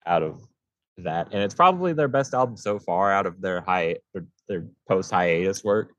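A man co-hosting a casual music review podcast, blunt and quick to laugh, swearing casually. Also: deep voice, animated, dry recording, dull audio. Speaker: podcast co-host.

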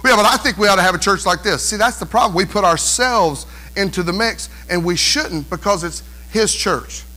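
High bright-voiced preaching pastor. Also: male voice, rough recording. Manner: emphatic preaching with rhetorical questions. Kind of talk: sermon. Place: church.

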